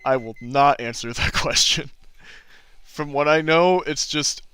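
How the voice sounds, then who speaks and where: A man's voice: fairly high pitch, measured pace, pushed and bright, clean tone, no echo, clean studio sound. A man casually chatting on a drawing livestream, easygoing and self-deprecating, chuckling often as he answers chat. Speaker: artist streaming drawing requests and Q&A.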